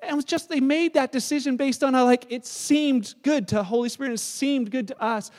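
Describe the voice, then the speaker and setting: A male pastor preaching with a very high voice that rings through a large hall with a long echo. He talks lively and switches into little acted-out voices for the people in his stories. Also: a little fast. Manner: lively, acts out quoted voices. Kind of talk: sermon. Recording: echoey hall sound.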